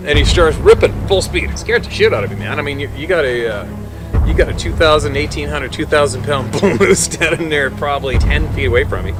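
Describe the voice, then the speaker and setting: A man, a hunting guide, telling a wild story in a casual, animated way and swearing freely. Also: on the high side. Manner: swearing, animated storyteller who swings between hushed and loud.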